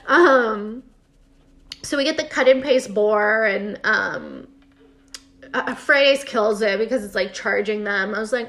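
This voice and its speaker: A woman's voice: fairly high pitch, measured pace, a bit bright. Chatty sarcastic woman recapping a show. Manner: chatty, sarcastic, reads out her own notes. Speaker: podcast co-host recapping a TV episode. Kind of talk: casual chat.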